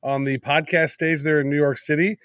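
A man's voice: on the high side, flat delivery, fairly quick, fairly bright tone, no echo, studio quality. A man guesting on a casual podcast, teasing and rambling as he talks. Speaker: podcast co-host. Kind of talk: casual interview chat.

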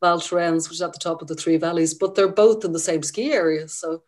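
A woman's voice: lowish voice, fairly quick, darkish tone. A middle-aged woman from Ireland, a ski journalist, talking chattily and with enthusiasm in a casual interview.

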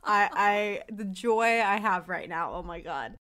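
Teasing, bright-voiced woman co-host. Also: mid-range voice, a little slow. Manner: teasing, coaching pronunciation. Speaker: podcast co-host. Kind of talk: casual beauty podcast chat.

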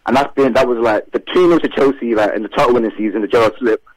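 A man's voice: mid-range voice, fast, dry recording, low-quality recording. A man calling into a football fan show, ranting with frustration about his team. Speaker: caller. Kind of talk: fan phone-in rant.

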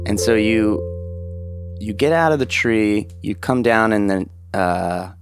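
A man improvising a comedic story in a rambling, halting way, with many fillers and frequent throat clearing. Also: fairly low pitch. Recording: loud guitar music behind. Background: guitar music.

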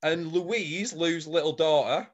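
A man's voice: on the high side, slow, dull audio. A man, co-hosting a casual chat and retelling a story, laughing and swearing as he goes. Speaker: podcast co-host.

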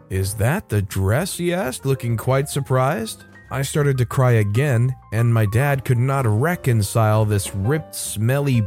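Mellow-voiced man narrating a story. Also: medium pitch. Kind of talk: scripted narration of a reader story.

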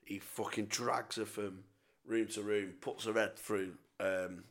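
Deep gravelly man. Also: fairly even intonation, unhurried. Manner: sweary, rambling anecdotes with self-mocking laughs. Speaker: podcast co-host. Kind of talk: casual storytelling chat.

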